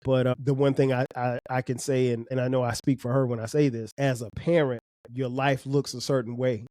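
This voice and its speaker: A man's voice: medium pitch, flat delivery, fairly quick, darkish tone, no echo, studio quality. A middle-aged man, a podcast host and father, talking earnestly about parenting, often restarting and repeating words. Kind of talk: reflective casual talk.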